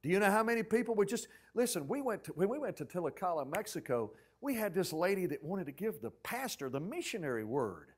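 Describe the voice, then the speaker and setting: A man preaching a sermon as pastor, telling stories with acted-out quotes and swinging from loud outbursts to near-whispers. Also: sits high, brisk, few pauses. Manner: animated storytelling preacher, acting out quotes loudly then dropping to a hush.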